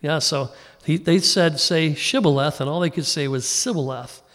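Male pastor, conversational sermon, folksy and informal, slightly high voice. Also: steady tone, normal speed, a bit bright, big-room sound. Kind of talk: conversational Bible teaching sermon.

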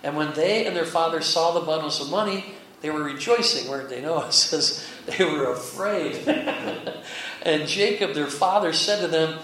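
Folksy preacher in an echoey hall. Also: male voice, on the high side, moderate pace, fairly bright tone. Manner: folksy, keeps checking in with "okay?" and chuckles. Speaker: pastor. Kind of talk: conversational Bible teaching. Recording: very echoey hall, mic far off, faint hiss.

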